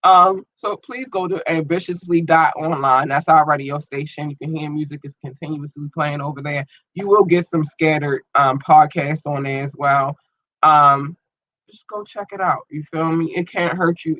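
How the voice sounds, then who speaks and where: A man's voice: a little high, fairly even intonation, normal speed, sharp tone, no echo, muffled recording. Rambling slangy male podcast host. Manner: loose and rambling, slangy, lots of ums. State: eye irritated and watering. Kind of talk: casual solo podcast chat.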